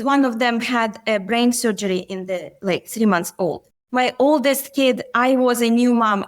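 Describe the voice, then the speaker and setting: A middle-aged woman, a physician and coach, telling stories earnestly in a podcast interview. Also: on the high side. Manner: earnest, storytelling, occasional grammar slips.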